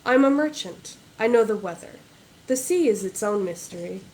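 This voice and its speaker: A woman's voice: medium pitch, lively intonation, normal speed, a little mellow, close to an everyday voice, low-quality recording. A woman reading aloud, voicing a wary, dry-humored male sea merchant in a guarded manner.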